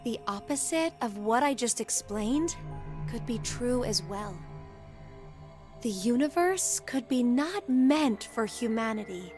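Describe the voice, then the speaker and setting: An actress voicing a calm young woman in a game who lectures and reasons step by step. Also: fairly high pitch, takes it slowly, over music. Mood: calm, reasoning.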